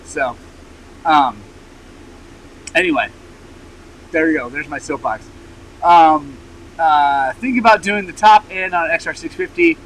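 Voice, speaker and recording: A man hosting a motorcycle channel in casual rambling vlog chat, frank and frustrated, with lots of fillers and throat clearing, recovering from an injury. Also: a little high, unhurried, long pauses, a bit bright, a little hiss or hum, low-quality recording. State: recovering from injury, wearing a brace.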